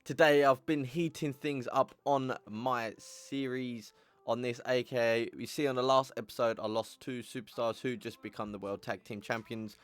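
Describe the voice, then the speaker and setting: A man hosting a gaming channel, chatting through game results in a playful put-on accent and exclaiming at surprises while calling viewers ladies and gentlemen. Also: medium pitch, fairly even intonation, normal speed, clear, resonant tone. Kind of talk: casual gameplay commentary.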